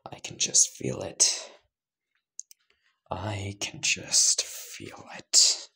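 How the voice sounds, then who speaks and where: A man voicing a fat, scheming, smooth-talking male crime boss in a drawn-out, coaxing whisper, as whispered role-play. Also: lowish voice, sharp tone, exaggerated voice.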